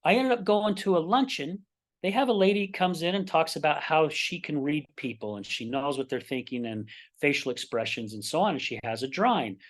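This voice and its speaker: A middle-aged man from Utah, a podcast guest, telling personal stories in a lively way and acting out the dialogue. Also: on the high side, fairly quick. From Utah, United States. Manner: animated, acts out quoted dialogue in his stories. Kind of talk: personal storytelling in a podcast interview.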